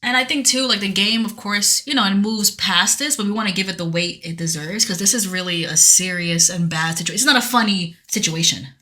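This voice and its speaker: A woman with a bright, crisp voice talks through a game's plot as a podcast co-host. She rambles earnestly, stopping and restarting her sentences often. It is relaxed, casual chat. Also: mid-range voice, brisk, hardly any pauses. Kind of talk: casual chat recapping a video game story.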